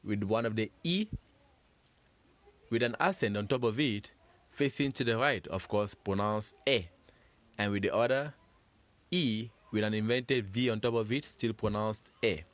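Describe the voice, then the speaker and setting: A man's voice: normal speed, long pauses, no room sound. A man teaching French pronunciation, patiently drilling sounds for the listener to repeat and praising each try. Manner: patient, drills sounds, stresses syllables higher and louder. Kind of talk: slow repeat-after-me lesson.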